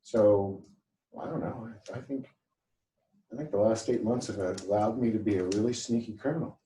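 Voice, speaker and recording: A man's voice: on the low side, moderate pace, warm tone, reverberant, distant mic, poor audio. A man in a group call musing hesitantly about the future. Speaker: participant in a community call. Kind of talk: casual chat.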